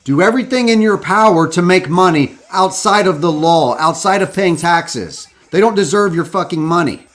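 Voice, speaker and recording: A man's voice: high voice, lively intonation, normal speed, few pauses. A man hosting a podcast, delivering a fired-up, profane monologue that rallies his listeners, with music behind him. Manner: profane, preachy, rallying the listener. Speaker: podcast host. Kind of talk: impassioned live-stream monologue.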